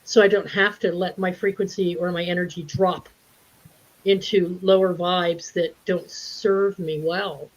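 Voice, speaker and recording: A woman telling a story in a casual group talk, animated and laughing often as she acts out the voices of people in it. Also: lowish voice, a little slow. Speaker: spiritual group speaker. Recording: dull lo-fi livestream audio.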